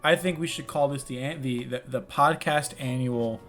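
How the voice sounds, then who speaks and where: A man's voice: mid-range voice, normal speed, fairly bright tone, faint music behind. A young man co-hosting a casual comedy podcast, swearing, riffing on jokes and giggling often. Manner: crude, giggly, riffs and jokes. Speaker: podcast co-host.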